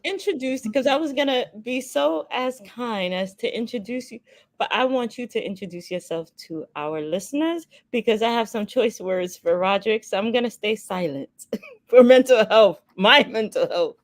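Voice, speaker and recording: A woman co-hosting a radio talk show, welcoming a guest in an animated way. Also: fairly high pitch, normal speed, dry recording. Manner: animated, talkative. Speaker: radio co-host. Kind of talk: casual radio chat.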